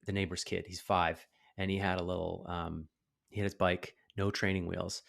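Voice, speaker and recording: A man in his thirties hosting a podcast, telling a story in a casual, animated way and acting out the voices of the people in it. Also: low voice, normal speed, creaky. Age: 30s. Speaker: podcast host.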